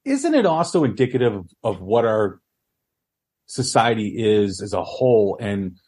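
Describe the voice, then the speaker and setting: A man hosting a podcast, asking questions in a measured, thoughtful way. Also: fairly low pitch, sing-song, warm tone, breathy edge. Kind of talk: casual podcast conversation.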